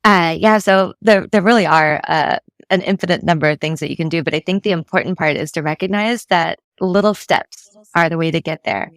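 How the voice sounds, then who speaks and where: A woman's voice: fairly low pitch, fairly quick, few pauses, no room sound. A woman guesting as a mental fitness coach, explaining things step by step in an easygoing way and often checking in with "right?". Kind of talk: casual interview explanation.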